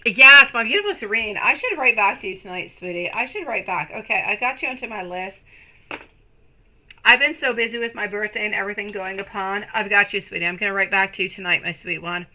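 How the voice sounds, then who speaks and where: Bright-voiced gushing woman tarot reader. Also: mid-range voice, a little fast, poor audio. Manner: affectionate, calls viewers sweetie and my lovely; gushing, excited bursts. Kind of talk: live-stream chat with viewers.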